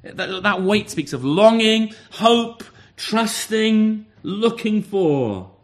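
A man's voice: high-pitched, sing-song, drawn-out words. A man preaching a sermon, earnest, often repeating words and asking rhetorical questions.

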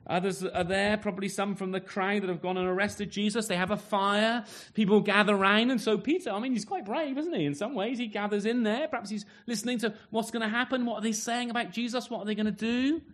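A man preaching a sermon with a voice that sits a little higher than most men's. He talks to his congregation conversationally, tagging his points with questions like "isn't he?" and stumbling into restarts as he reaches for words. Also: steady tone, a little fast, few pauses, fairly bright tone. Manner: conversational, full of rhetorical tag questions.

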